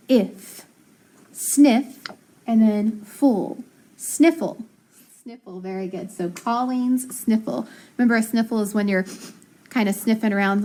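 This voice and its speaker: Woman, phonics teacher, patient, encouraging, sounds words out, mid pitch. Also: a little mellow. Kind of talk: phonics lesson for children.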